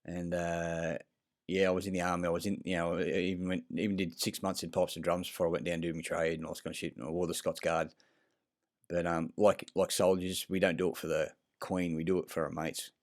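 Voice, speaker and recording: A deep-voiced man rambles through a self-recorded vlog, circling back on himself with fillers and false starts. He is blunt and swears freely. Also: flat delivery, fairly quick. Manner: rambling, meandering, frequent fillers and restarts; blunt and profane. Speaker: vlogger. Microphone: self-recorded clip.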